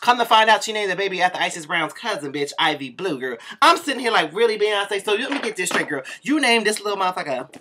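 A man's voice: sits high, big pitch swings, quick pace, hardly any pauses, noisy background. A man doing a sassy, profane comedic gossip rant, tagging nearly every line with "girl". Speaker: vlogger doing a comic rant. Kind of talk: camp comedic gossip monologue.

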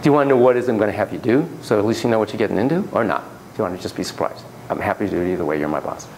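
A man teaching a class on child psychotherapy in a classroom, talking in an animated way that swings between soft, low asides and emphatic bursts, often repeating his phrases. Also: racing, slight background noise, rough recording. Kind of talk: classroom lecture with a volunteer demonstration.

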